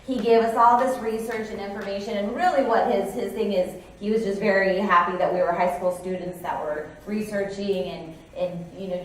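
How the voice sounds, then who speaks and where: A woman's voice: mid-range voice, slight background noise. Woman president doing a keynote, chatty storytelling, echoey hall, kinda far from the mic. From California. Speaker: company president giving keynote. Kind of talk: conference keynote speech. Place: conference hall.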